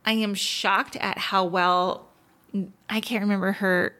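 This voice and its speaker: A chatty, enthusiastic woman co-hosting a casual podcast. She talks about what she's watching in an easygoing, animated way, full of fillers and quick asides. Her voice sits in the middle of the range. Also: medium pitch. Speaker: podcast co-host. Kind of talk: casual chat about TV shows.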